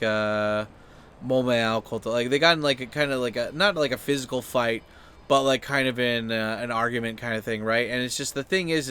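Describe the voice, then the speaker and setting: A man, host of his channel, telling a story as a casual rant, full of "like" and fillers and acting out the people he quotes. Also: clean tone. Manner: rambling, heavy use of "like" and fillers; acts out quoted people with sudden high, loud outbursts.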